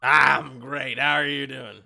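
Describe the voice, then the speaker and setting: A man's voice: medium pitch, level tone, slow, vocal fry, sharp tone, full character voice. A man playing a chummy portly egg merchant. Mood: schmoozing. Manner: chummy, wheedling salesman talk. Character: portly friendly male egg-seller, smooth schmoozer.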